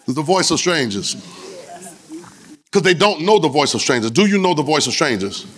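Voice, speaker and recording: Louisiana man preaching, high voice, rhythmic call-and-response. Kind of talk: sermon. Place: church sanctuary.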